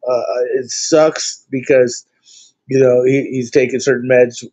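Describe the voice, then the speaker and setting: Man, host, rambling casual talker, middle pitch, muffled lo-fi sound. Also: level tone, measured pace, mellow. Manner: rambling, many fillers, blunt swearing. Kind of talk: casual chat. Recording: dull lo-fi sound.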